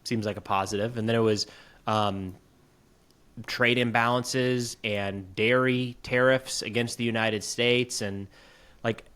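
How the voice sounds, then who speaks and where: A man's voice: mid-range voice, steady tone, slow, a bit bright, smooth. A man co-hosting a podcast who talks through his frustration with policy in a searching, conversational way. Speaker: podcast co-host. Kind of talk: conversational political discussion.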